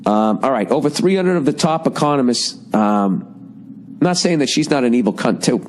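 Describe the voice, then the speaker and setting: Sarcastic, profane podcast host. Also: male voice, mid-range voice, animated, normal speed, a little mellow, slight background noise. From United States. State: strained, cracking voice. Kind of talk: casual monologue.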